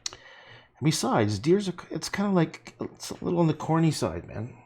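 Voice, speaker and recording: A man's voice: fairly high pitch, sing-song, moderate pace, dark tone, husky. A man painting on a livestream, talking casually in a rambling way, swearing and muttering to himself as he works.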